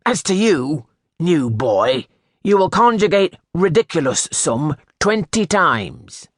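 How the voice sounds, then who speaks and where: A stern, irritable schoolmaster, put on by a male reader, barks his commands in a raised, higher voice. The audiobook recording is dry and close, with no room sound. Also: sing-song, takes it slowly, no room sound, exaggerated voice. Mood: furious. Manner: barking short commands. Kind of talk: audiobook character voice.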